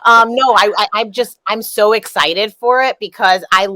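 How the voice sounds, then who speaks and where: A young woman co-hosts an interview, gushing with enthusiasm. Her voice is bright and forward. The sound is dry and close. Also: medium pitch, no room sound. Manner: enthusiastic, gushing, quick to laugh. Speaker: podcast co-host. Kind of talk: casual interview chat.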